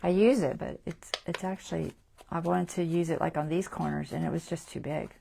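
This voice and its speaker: A woman hosting a crafting livestream, chatting as she works, thinking aloud, often trailing off softly and laughing at herself. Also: deep voice, gravelly, background noise. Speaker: craft channel host. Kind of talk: casual crafting livestream chat.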